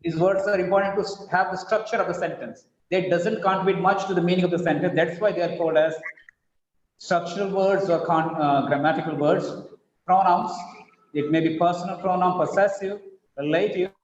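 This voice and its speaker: A man with an Indian English accent teaching an online English class, drilling words slowly and with emphasis. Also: high-pitched, steady tone, a little hiss or hum. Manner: slow, emphatic word-by-word drilling. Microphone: video call. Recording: roomy, dull online class audio.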